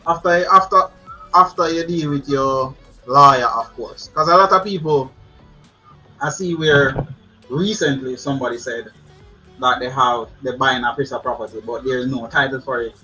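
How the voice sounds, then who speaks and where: A man's voice: medium pitch, normal speed, sharp tone, dull audio, soft background music. A man with a Jamaican accent giving casual advice to his viewers, chatty, laughing often and repeating words. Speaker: channel host. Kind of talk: casual advice talk to camera.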